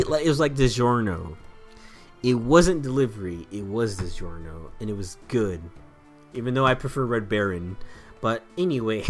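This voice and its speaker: A man chatting loosely while he plays through a video game, his voice swinging widely up and down. He rambles from one aside to the next, cracks jokes, curses casually and laughs a lot, with faint game music underneath. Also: mid-range voice. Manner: rambling, joking, laughs often, swears. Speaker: let's play host. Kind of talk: casual gaming commentary.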